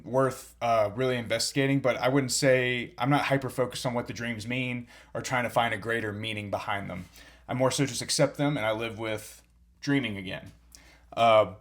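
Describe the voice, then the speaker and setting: A young man hosting a fitness podcast, talking in a calm, earnest, reflective way with frequent filler words. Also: medium pitch. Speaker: podcast host and personal trainer.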